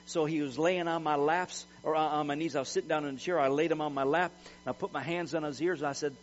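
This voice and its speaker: A middle-aged man with a slightly high voice preaches a sermon at a quick pace and in a steady tone. His style is emphatic and folksy, repeating words as he shares personal stories. The recording is dull and lo-fi, with mains hum underneath.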